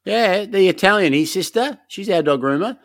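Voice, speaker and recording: A man's voice: sits high, expressive, normal speed, dry recording, studio quality. An Australian man co-hosting a podcast, telling sweary, laid-back stories in casual banter. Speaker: podcast co-host.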